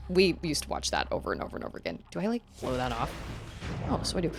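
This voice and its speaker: A woman's voice: sits low, wildly swooping pitch, fast talker, vocal fry, slightly rough. A woman streaming a game, chatting casually and animatedly, laughing often and gasping at surprises. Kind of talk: casual gameplay chat.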